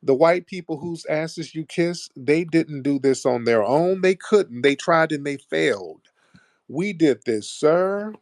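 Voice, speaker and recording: Mocking, gravelly man hosting a call-in. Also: on the high side, animated, unhurried, no room sound, studio quality. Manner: mocking, combative, talks over the caller. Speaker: host. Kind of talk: heated live call-in debate.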